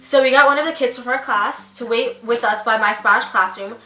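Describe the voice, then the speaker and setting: Bright-voiced chatty teenage girl. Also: fairly high pitch, fairly quick, reverberant, distant mic, rough recording. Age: teens. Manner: chatty, lots of filler. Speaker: vlogger. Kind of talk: casual storytelling.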